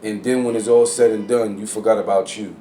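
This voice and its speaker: A man co-hosting a podcast in casual chat, blunt and full of slang, getting loud and animated when he is worked up. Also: lowish voice, a little fast. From New Jersey. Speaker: podcast co-host. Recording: echoey room with faint ambient noise.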